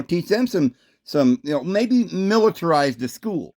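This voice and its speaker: A man's voice: sits high, dry recording, studio quality. Sardonic, rambling man commentator. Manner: sardonic, meandering, animated. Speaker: video commentator.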